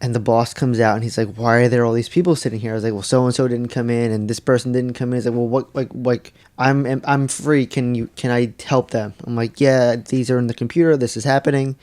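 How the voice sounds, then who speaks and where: A man's voice: mid-range voice, a little fast, hardly any pauses. A man co-hosting a casual podcast, telling a story with lots of swearing and acted-out dialogue. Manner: animated storyteller, swears freely. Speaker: podcast co-host. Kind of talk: casual chat.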